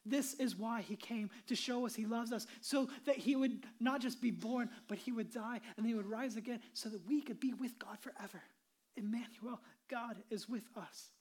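A woman pastor preaching with earnest conviction and a fairly high voice. She presses hard on key points, then drops to a hush or a near whisper. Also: normal speed, hardly any pauses. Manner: earnest, swings between emphatic and hushed, drops to whispers. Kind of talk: sermon.

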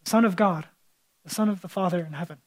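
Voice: mid-range voice, quick pace, rough recording. Impassioned preacher building to fervor. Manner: impassioned, rising to fervent emphasis. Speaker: pastor. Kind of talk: sermon.

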